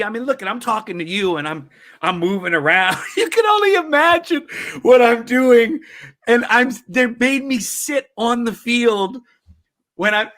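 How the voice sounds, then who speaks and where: A man, a comedian and talk show guest, telling a story in an energetic, excitable way with quick restarts. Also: sits high, no echo, studio quality.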